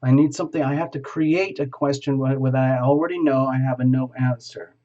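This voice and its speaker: A man's voice: mid-range voice, fairly even intonation, a little fast, warm tone. Man giving a dull lo-fi tarot reading. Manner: improvising, talking step by step to the viewer. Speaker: tarot reader. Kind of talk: live video reading to a viewer.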